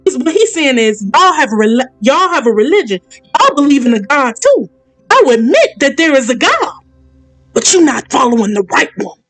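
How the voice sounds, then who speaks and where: A woman host leading a Bible study in an excitable, preacherly way, reading scripture and calling out to her listeners. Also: sits high, moderate pace, poor audio. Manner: excitable, preacherly call-and-response.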